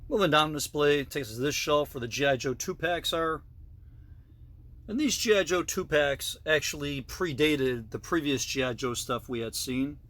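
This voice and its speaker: A man's voice: fairly high pitch, animated, normal speed, a bit bright. A middle-aged man casually narrating a tour of his collection in a basement, with frequent fillers and self-corrections. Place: basement room.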